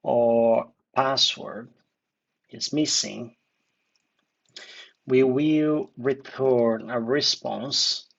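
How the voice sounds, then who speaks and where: Halting man with gravelly voice. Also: medium pitch, fairly even intonation, highs cut off. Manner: halting, many fillers and restarts, thinks aloud. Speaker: coding instructor. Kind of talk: screen-recorded coding tutorial. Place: dark room at a computer.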